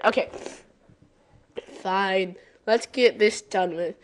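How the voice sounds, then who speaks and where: A woman's voice: medium pitch, a little slow, a little hiss or hum. A woman reading a fan fiction aloud, breaking off often for exasperated, sarcastic asides. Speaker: story reader.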